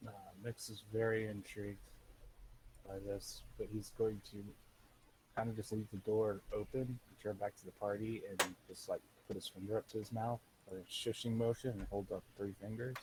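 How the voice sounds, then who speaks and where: A man's voice: lowish voice, little pitch movement, normal speed, a little hiss or hum, low-quality recording. A man playing a tabletop game, casually describing his character's moves. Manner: casual, hesitant. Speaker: player.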